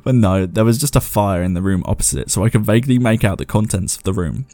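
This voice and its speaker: A man's voice: fairly low pitch, animated, fast talker, hardly any pauses, mellow, no room sound. A man hosting a show, chatting loosely and reading viewer ghost stories aloud, laughing at himself as he goes. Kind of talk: casual commentary and reading aloud.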